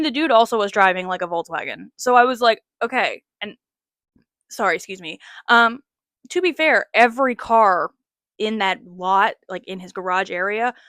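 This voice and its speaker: Bright-voiced chatty woman in her late 20s. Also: medium pitch, expressive, moderate pace, no echo, clean studio sound. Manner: chatty, frequent "like" fillers, self-mocking. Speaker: podcast host. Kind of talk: casual storytelling monologue.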